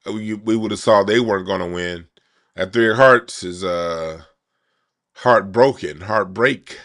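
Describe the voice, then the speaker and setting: A man's voice: on the low side, fairly bright tone. A man hosting a casual card-reading monologue, talking in loose slang with frequent restarts and repeated words. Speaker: card reader, channel host.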